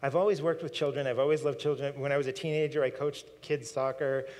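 A man's voice: mid-range voice, fairly even intonation, fast talker, a little mellow. A middle-aged man preaching a sermon, telling a story with frequent chuckles and repeated words. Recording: long hall reverb.

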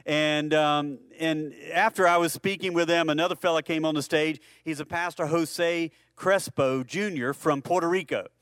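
A male pastor delivering a sermon with a fairly high voice. He talks to the congregation in a conversational way, throws rhetorical questions at them and repeats words when he restarts a phrase. The sound is dry and close. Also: fairly even intonation, moderate pace, hardly any pauses, a bit bright, clean tone, no echo.

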